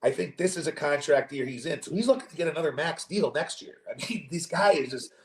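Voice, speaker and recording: A young man hosting a podcast in casual chat, animated, jokey and swearing freely. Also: on the high side, fast talker. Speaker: podcast host. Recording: roomy echo.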